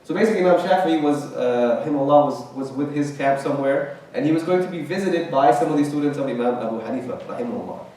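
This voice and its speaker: A man's voice: mid-range voice, quick pace, few pauses, darkish tone, slight background noise. A man teaching a conversational religious class in a mosque, often checking in with his listeners. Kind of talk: Quran commentary class. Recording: very echoey room, distant mic.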